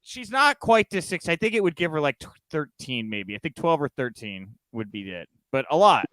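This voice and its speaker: A man hosts a casual podcast, chatty and quick with asides. His voice is smooth and fairly high for a man. It sounds close and dry, with no room around it. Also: sing-song, a bit bright, no room sound. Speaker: podcast host. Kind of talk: casual chat.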